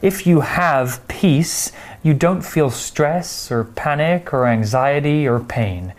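A man teaching English vocabulary, explaining words slowly and carefully with example sentences. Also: on the high side, lively intonation. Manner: slow, careful, clear explanations.

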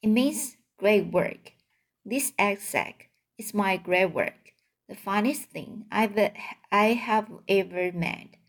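A gentle, fading female barn spider, as a woman reads her. She talks softly and weakly, slowly and at an unhurried, patient pace. Her voice sits in a middle pitch. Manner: soft, weak and quiet.

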